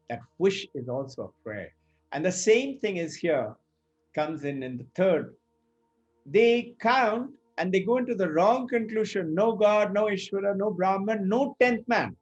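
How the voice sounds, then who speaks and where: Male teacher of scripture, high-pitched and unhurried, storytelling style, soft music underneath. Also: muffled recording. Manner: storytelling, acts out quoted speakers. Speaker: spiritual teacher. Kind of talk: explanatory talk on scripture.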